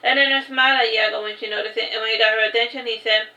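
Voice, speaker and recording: A woman's voice: fairly high pitch, fairly even intonation, rapid-fire, pushed and bright, dull audio. Woman reading her novel aloud in an echoey room. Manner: loose, with restarts and chatty side remarks. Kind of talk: casual reading aloud with asides.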